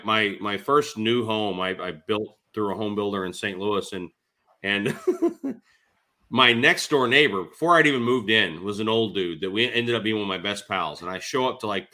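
A man chatting casually as an interview guest, an animated storyteller who laughs often. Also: on the low side. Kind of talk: casual chat.

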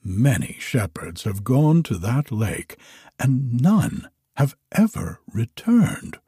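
A man voicing an old emperor in a storybook reading, speaking low, firm and soothing to his daughter. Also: sing-song, takes it slowly, dark tone, breathy edge, no echo, studio quality, full character voice. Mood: reassuring. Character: old emperor, calm commanding father.

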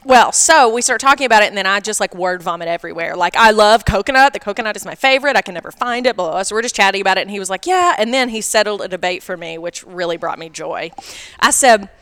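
Bright, chatty woman podcast co-host. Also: medium pitch, fast, clean tone, dry recording. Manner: animated storyteller, acts out quoted dialogue. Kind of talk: casual chat.

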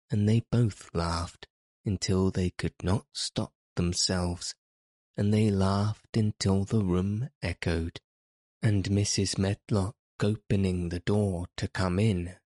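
A man narrating a classic children's novel in a measured, gentle reading. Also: low-pitched, dry recording, clean studio sound. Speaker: audiobook narrator. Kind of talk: scripted narration.

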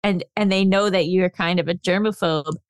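A woman's voice: lowish voice, steady tone, normal speed, clean tone, no echo, clean studio sound. A woman co-hosting a podcast in casual chat, reading out a listener question and running the segment. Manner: upbeat, runs the segments, reads listener questions. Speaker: podcast co-host.

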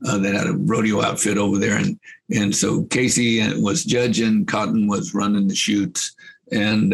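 An older man telling folksy, rambling anecdotes as a guest. He laughs at his own tales and fills pauses with fillers. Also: lowish voice, creaky, slightly rough, poor audio.

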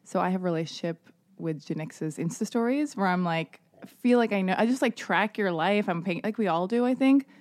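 A woman's voice: medium pitch, a little fast, a little mellow, dry recording. A woman hosting a podcast, chatting casually in a rambling, giggly, teasing way. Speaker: podcast host. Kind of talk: casual chat.

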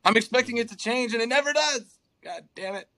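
A man's voice: extremely high pitch, animated, fairly quick, sharp tone. A young man co-hosting a casual sports chat, ranting in an exasperated way and swearing often. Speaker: podcast co-host.

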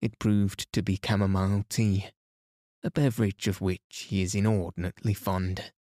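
A man narrating a bedtime story for a sleep podcast in a soft, calm, steady manner. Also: low voice, moderate pace, dry recording, clean studio sound.

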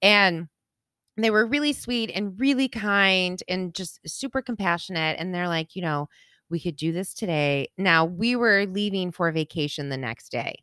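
A woman's voice: on the low side, normal speed, clear, resonant tone, no room sound, clean studio sound. Candid woman co-host telling a story. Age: adult with children. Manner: candid, animated storyteller, acts out quotes, laughs through sad parts. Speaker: podcast co-host. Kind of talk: casual storytelling chat.

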